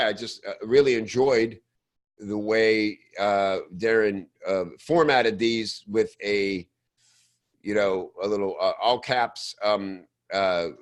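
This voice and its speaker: A man hosting a podcast, casually teaching copywriting with animated, swearing reactions. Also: fairly low pitch. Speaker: podcast host critiquing copywriting.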